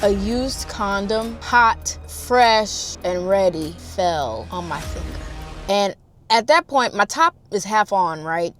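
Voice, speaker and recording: A woman in her twenties telling a storytime vlog in a dramatic, animated, chatty way, talking straight to her audience. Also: mid-range voice, slow pace, over music. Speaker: storytime vlogger.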